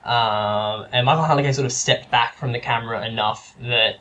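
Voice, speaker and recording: A man's voice: medium pitch, steady tone, moderate pace, sharp tone, dull audio, slight background noise. A man chatting casually about films, rambling with lots of fillers and restarts. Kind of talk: casual chat.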